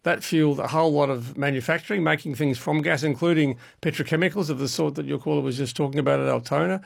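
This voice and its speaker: A man, an expert guest calmly explaining energy issues on call-in radio, with frequent restarts. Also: a little high, fast talker, vocal fry, no room sound, studio quality.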